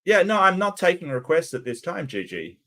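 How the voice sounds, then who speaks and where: A man's voice: on the high side, sing-song, brisk, a bit bright, a little hiss or hum. A man hosting a reaction video, giving sarcastic, rambling commentary. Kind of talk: casual commentary.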